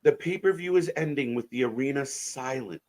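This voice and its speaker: A man's voice: medium pitch, a little fast, darkish tone. Disgusted man bluntly swearing at a wrestling show. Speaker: co-host of a live wrestling watch-along. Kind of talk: profane live commentary chat.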